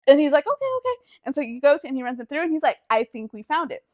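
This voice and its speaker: A woman's voice: sits high, fast, dry recording. A young woman co-hosting a podcast, telling a story in casual chat, acting out what everyone said and swearing freely. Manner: animated, acts out quotes, heavy swearing and "like". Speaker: podcast co-host.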